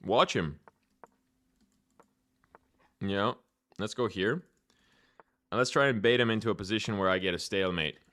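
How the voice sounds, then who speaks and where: A young man streaming chess, chatting casually with viewers and thinking out loud in a laid-back way, with keyboard clicks behind. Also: fairly low pitch, normal speed, long pauses. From Ireland. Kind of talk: casual live-stream chat while playing chess.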